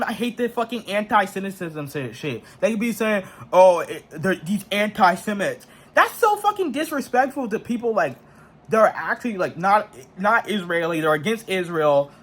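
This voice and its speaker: A man's voice: sits high, fairly bright tone. A young man ranting in a frustrated, profane monologue full of slang and restarts. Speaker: vlogger.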